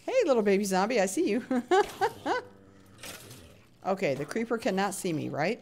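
A woman's voice: mid-range voice, normal speed, slight background noise. Chatty woman live-streaming a block game. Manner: chatty and expressive, hums little sound effects while playing; frequent laughs, jumps between hushed nervous asides and loud cheery greetings. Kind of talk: live gameplay commentary with chat greetings.

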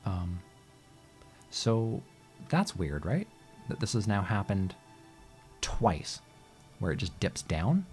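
Exasperated low-voiced gamer man swearing. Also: very animated, slow pace, pauses often, a little mellow, faint music behind. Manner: exasperated, swears and talks to the game. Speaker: gaming channel host. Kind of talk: casual let's-play gameplay commentary.

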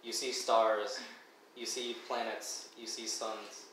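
A man runs a tabletop game for his friends and narrates in a loose, halting way, stopping often to search for words. He sits back from the mic in a strongly echoing room. A faint hiss sits under his voice. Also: lowish voice, level tone. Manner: halting, full of fillers and restarts. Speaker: dungeon master. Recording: echoey room mic from a distance.

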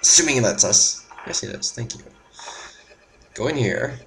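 A man's voice: medium pitch, expressive, normal speed, vocal fry, fairly bright tone, low-quality recording. A young man narrating his gameplay, muttering and swearing to himself in frustration. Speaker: gameplay commentator. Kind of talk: let's play commentary. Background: game music.

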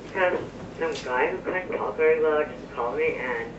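A man's voice: on the high side, normal speed. A young man answering a prank call, puzzled and suspicious. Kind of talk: phone conversation. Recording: echoey, muffled, far from mic, noisy.

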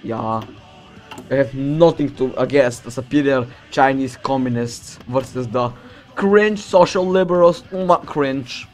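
A man's voice: medium pitch, a little slow. Boastful young man streaming a game. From Balkans. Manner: boastful, swearing, joking to himself. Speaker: streamer playing a strategy game. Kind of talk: casual gaming commentary. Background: loud background music.

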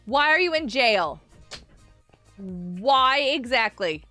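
A woman's voice: a little high, expressive, slow pace, bright, forceful tone, faint music behind. A woman streaming a game, chatting casually with her viewers, answering chat aloud and laughing often.

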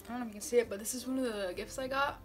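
A young woman vlogging as she unboxes gifts, chatty and gushing with excitement. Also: a little high, racing. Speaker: book vlogger. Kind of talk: casual unboxing vlog.

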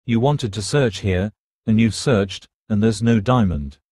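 An actor reading a commanding, impatient American officer in an audiobook. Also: male voice, lowish voice, unhurried, darkish tone, no echo. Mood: stern. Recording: dry close studio recording.

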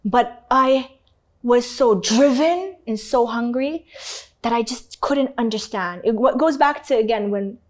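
A Canadian woman being interviewed tells a painful personal story with real feeling. Her voice is on the high side and unhurried, yet she's animated, acting out the voices of people she quotes and swearing casually.

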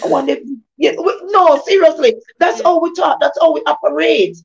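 A woman's voice: high voice, fairly quick. A woman gives an informal devotional testimony, repeating phrases in an emphatic preaching cadence. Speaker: devotional speaker. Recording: dull lo-fi recording.

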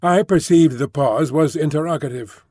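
A man narrates a novel in a measured, descriptive reading. His voice sits a little high for a man. The sound is dry and close to the mic. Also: mellow, no echo. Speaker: audiobook narrator. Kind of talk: scripted narration.

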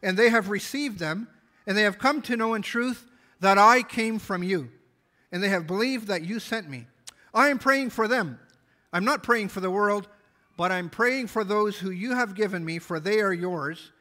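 A man's voice: high-pitched, normal speed, bright, forceful tone. A man pastor preaching a sermon, reading scripture aloud and explaining it earnestly. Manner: earnest Bible exposition, reading scripture aloud with small restarts.

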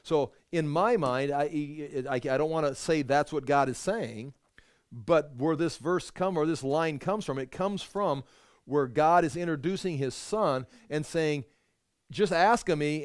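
A man's voice: fairly high pitch, a little slow, dry recording, clean studio sound. A man teaching through a Bible passage verse by verse, earnest and conversational, often restarting his thoughts mid-sentence.

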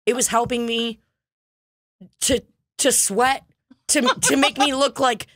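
A woman's voice: on the high side, steady tone, takes it slowly, fairly bright tone, no echo, studio quality. A young woman hosting a podcast, chatting casually in a rambling, profane and jokey way. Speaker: podcast host. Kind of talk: casual chat.

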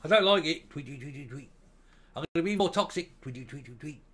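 A man's voice: a little high, expressive, a little fast, a bit bright. A man putting on a whiny, mocking caricature of a leftist tweeter, repeating himself in a sneering sing-song. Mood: mocking whine.

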